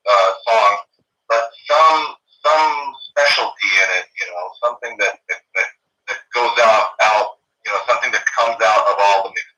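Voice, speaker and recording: A man on a video call, his voice very bright and thin, heard from a distance in an echoey room. He talks hesitantly, with plenty of ums and restarts. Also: fairly low pitch, moderate pace. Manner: hesitant, lots of fillers. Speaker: musician guest.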